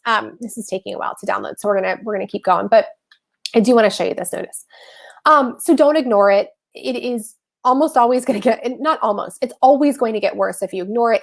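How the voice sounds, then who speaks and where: A woman with a fairly high, creaky voice hosts a casual personal-finance explainer on a livestream. She's chatty, corrects herself as she goes, and often calls her viewers "y'all."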